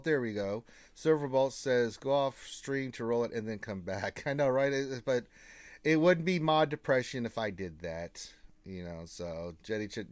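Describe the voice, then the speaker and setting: A man co-hosting a casual live gaming stream, reading out viewer greetings and teasing them with flat refusals. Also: medium pitch, no echo.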